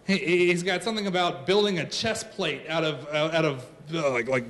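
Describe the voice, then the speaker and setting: Man in his thirties, storyteller, high-pitched voice, animated, self-mocking, comic, live stage show. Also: normal speed.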